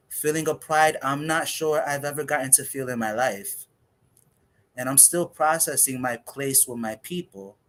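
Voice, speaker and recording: A man, a poet of half Dominican and half Puerto Rican heritage who grew up in the United States, performing spoken word poetry in a measured, reflective way with pauses. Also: mid-range voice, a bit bright.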